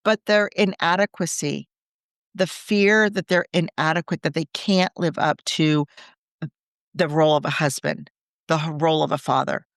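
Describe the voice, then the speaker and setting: A woman's voice: deep voice, steady tone, moderate pace, no room sound, studio quality. A woman who is a Catholic coach and podcast co-host, talking in an earnest, reflective way and often building lists and rhetorical questions. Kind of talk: conversational podcast chat.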